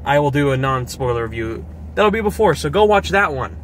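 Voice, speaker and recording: A young man reviewing a film in casual chat from his car, excitable and swearing as he acts out scenes. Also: fairly high pitch, fairly quick, a little hiss or hum. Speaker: movie reviewer. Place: parked car.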